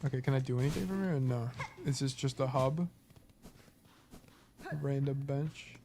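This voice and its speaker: A man streaming himself playing a game, thinking out loud in casual, rambling talk full of "like" and "you know". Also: medium pitch, normal speed, background noise. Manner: rambling, thinking aloud, lots of "like".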